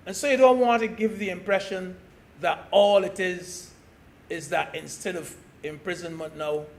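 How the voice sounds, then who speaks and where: A man from Barbados giving a parliamentary speech as a senator, slow and deliberate, stressing key words. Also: sits high, fairly even intonation. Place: senate chamber.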